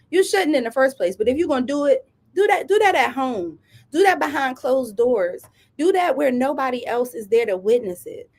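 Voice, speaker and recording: A woman giving sassy, emphatic commentary, full of rhetorical asides. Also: sits high. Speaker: commentary host. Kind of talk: casual reaction commentary.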